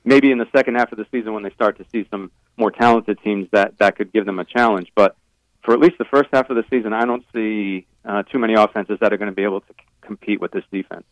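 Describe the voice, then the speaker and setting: A man's voice: lowish voice, fairly even intonation, quick pace, no echo, low-quality recording. A man, a team beat reporter, giving thoughtful sports analysis on a radio show, hedging with many fillers.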